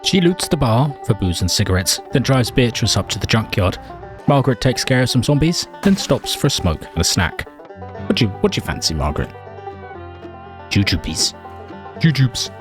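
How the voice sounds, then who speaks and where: A man's voice: mid-range voice, sing-song, fairly quick, over music. A man narrating his game playthrough as a mock-tragic story, with dry humour. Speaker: let's play host.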